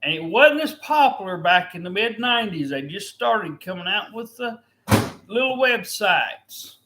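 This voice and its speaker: A man's voice: high-pitched, lively intonation, measured pace, heavy background noise. A weary, fed-up man in a casual, angry rant, swearing constantly as he complains. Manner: angry, profane ranting.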